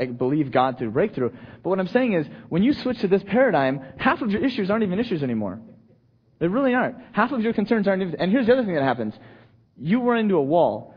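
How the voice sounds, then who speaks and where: Male preacher, husky, slightly high voice, conversational sermon, dull lo-fi recording. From United States. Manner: conversational, repeats "okay?" and restarts, swings between soft and emphatic. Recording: dull, lo-fi sound.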